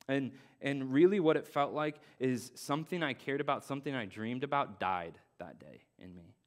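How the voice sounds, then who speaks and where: A young male pastor in the middle of a sermon, talking with earnest conviction. He leans on repeated phrases and slips easily into casual slang as he preaches, his voice sitting at an ordinary middle pitch. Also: lively intonation, normal speed.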